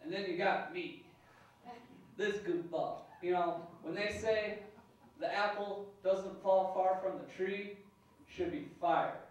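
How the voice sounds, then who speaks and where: A man doing stand-up in a club, loud, goofy and self-deprecating. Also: sits high, steady tone, takes it slowly. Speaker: stand-up comedian. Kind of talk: stand-up routine. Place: comedy club stage. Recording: echoey room from far off with ambient noise.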